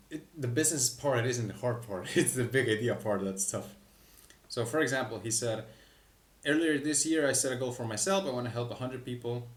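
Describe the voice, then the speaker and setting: Man, candid business coach, roomy echo, off-mic distance. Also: medium pitch. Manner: candid, self-deprecating, quick asides. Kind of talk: casual talking-head explanation. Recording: echoey room, mic at a distance.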